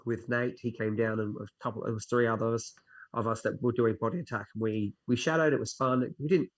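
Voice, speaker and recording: A man's voice: mid-range voice, a little fast. A young man, a fitness instructor guest chatting casually in an interview and acting out his own inner voice as he tells stories. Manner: animated storyteller who acts out his own inner voice.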